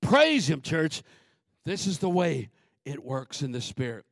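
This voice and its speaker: A male pastor delivering a sermon in a high, wildly swooping voice. He draws his phrases out slowly, then breaks into shouted exhortation or quick asides to the congregation. The recording is close and dry. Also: big pitch swings, vocal fry, no echo. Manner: shifts between shouted preaching and quick conversational asides.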